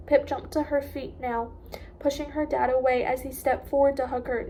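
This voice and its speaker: A woman reading a chapter of a novel aloud in a high voice, expressive and emotional. Faint hiss sits behind her. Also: normal speed. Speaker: audiobook reader.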